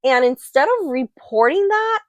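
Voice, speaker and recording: A woman's voice: high-pitched, very animated, measured pace, dry recording. A woman book vlogger talking casually and rambling a little about books she plans to read. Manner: chatty and rambling, with fillers and self-corrections. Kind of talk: casual chat about a reading list.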